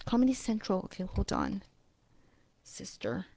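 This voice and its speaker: A woman's voice: mid-range voice, a little slow, gravelly, warm tone. A woman vlogger chatting casually, rambling and blunt, swearing freely and drifting into asides. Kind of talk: casual chat.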